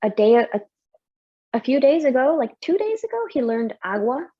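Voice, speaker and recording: Emotional young mother with a mellow voice. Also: high-pitched, moderate pace, dull audio. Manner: emotional, lively, laughs often. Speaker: interviewee, mother. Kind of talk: candid personal story.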